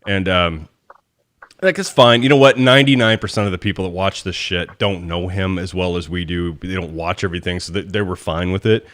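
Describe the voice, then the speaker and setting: A man's voice: deep voice, steady tone, fairly quick, fairly bright tone. A man co-hosting a podcast, talking in a casual, rambling and enthusiastic way. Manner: rambling, enthusiastic fan talk. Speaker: podcast co-host. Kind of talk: casual chat.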